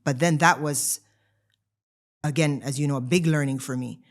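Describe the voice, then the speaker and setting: A woman in her thirties co-hosting a podcast, telling her own story in casual chat, animated and full of "like" fillers and restarts. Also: low voice, moderate pace. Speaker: podcast co-host.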